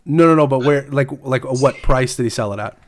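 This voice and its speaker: A man's voice: mid-range voice, a little fast. A man co-hosting a podcast, talking hesitantly with many fillers and chuckles, and reading news items aloud. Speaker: podcast co-host.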